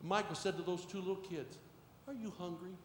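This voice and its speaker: A middle-aged male pastor preaching a sermon, moving from quiet storytelling to shouted exhortation. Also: sits high, fairly quick. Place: church sanctuary. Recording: echoey hall with faint noise.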